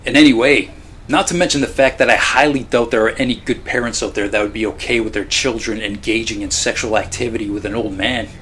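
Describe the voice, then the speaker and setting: A man's voice: on the low side, fairly even intonation, fast, a bit bright, a little hiss or hum. A man narrating a scripted film review in a blunt, opinionated way. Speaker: film review channel host.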